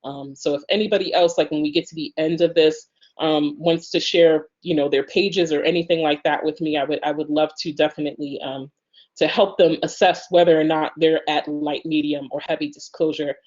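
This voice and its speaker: A woman's voice: low voice, fairly even intonation, a little fast, darkish tone. A woman leading an online workshop, talking loosely with many fillers over a video call. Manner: loose, filler-heavy speech. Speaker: workshop instructor. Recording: slightly muffled video call audio.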